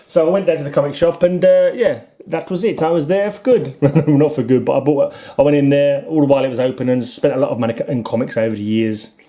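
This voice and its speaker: Flipping through his comics, a middle-aged man from the United Kingdom rambles fast, with few pauses, in a fairly high, dark-toned voice. This comic collector vlogger speaks British English, frequently chuckling and making fun of himself.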